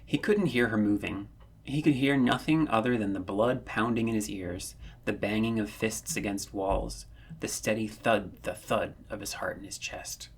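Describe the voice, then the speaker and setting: A man narrating a fan-written story, reading in a measured, earnest way that rises when the tension builds. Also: lowish voice, breathy edge. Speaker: audiobook narrator.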